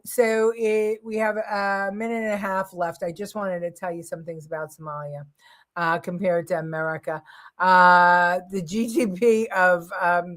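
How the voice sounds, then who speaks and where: A woman's voice: fairly low pitch, a bit bright. A woman hosting a live news talk show, giving blunt, heated opinion commentary with frequent ums and uhs.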